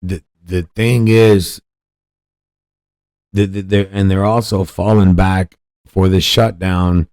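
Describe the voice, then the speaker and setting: A man's voice: low-pitched, steady tone, takes it slowly, pauses often, darkish tone, smooth, dry recording, studio quality. A man hosting a podcast, giving blunt, profane political commentary in a ranting manner. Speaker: podcast host.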